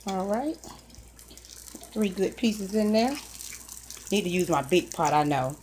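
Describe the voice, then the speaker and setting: Home-cook vlogger, woman, folksy and unhurried, cooking in a kitchen with light background noise. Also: medium pitch, lively intonation. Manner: chatty, folksy, talks to viewers while cooking. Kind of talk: casual cooking chat.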